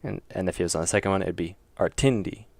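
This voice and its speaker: A man streaming his indie game work, chatting casually and thinking aloud, with jokes and quick self-corrections. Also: low voice, little pitch movement, vocal fry, dry recording. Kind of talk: casual livestream chat while working.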